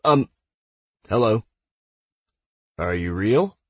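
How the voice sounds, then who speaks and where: An eager young gamer who babbles in a rush and stumbles over nervous hesitations, as a man puts him on for an audiobook. The voice is pitched up and husky. It is recorded close and dry. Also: animated, drawn-out words, no room sound, full character voice.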